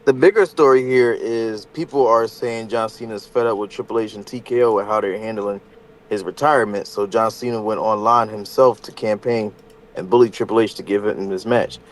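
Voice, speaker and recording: A man's voice: on the low side, steady tone, a little fast, low-quality recording. A man co-hosting a casual podcast, laid-back and slangy with some profanity. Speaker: podcast co-host. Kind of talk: casual chat.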